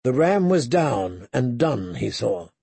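A man narrating a dramatic audiobook, measured, sinking to hushed low tones for tension. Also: sing-song, creaky, slightly rough, dry recording.

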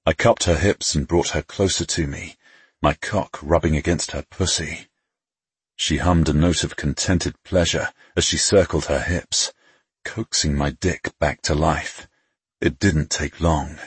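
A man narrating a first-person audiobook, reading in an intimate, unhurried way. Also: extremely low pitch, steady tone, breathy edge, dry recording.

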